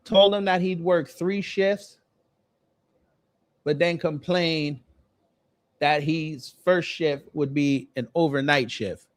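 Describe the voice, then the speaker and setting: A man hosts a casual commentary video, mocking his target in slangy, deadpan jokes. His voice sits a little on the high side. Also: slow pace, long pauses. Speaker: host. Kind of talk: roasting commentary.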